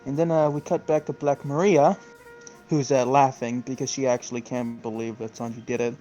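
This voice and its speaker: Relaxed, rambling man co-host. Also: medium pitch, moderate pace, muffled recording, faint music behind. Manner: relaxed, rambling with many fillers; laughs often. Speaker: podcast co-host. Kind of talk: casual chat recapping a comic.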